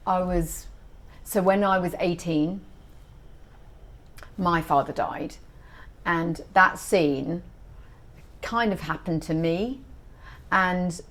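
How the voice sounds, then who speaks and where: Lively, chatty middle-aged woman author. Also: fairly low pitch. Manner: animated, chatty storytelling. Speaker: author guest. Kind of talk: casual interview chat.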